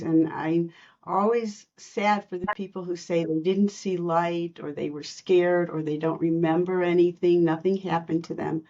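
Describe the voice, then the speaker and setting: A woman telling personal spiritual stories in a podcast interview, earnest and animated, acting out the quotes. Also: fairly low pitch, lo-fi sound. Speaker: spiritual medium guest.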